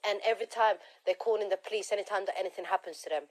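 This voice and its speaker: A woman's voice: mid-range voice, very fast. Blunt opinionated woman with British slang. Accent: British slang-tinged. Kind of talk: casual live chat.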